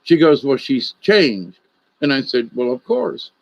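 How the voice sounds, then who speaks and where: A man's voice: mid-range voice, big pitch swings, measured pace, gravelly, dry recording, muffled recording. A man, a puppeteer and storyteller, telling an anecdote in a casual, rambling way, with many restarts and quoted dialogue.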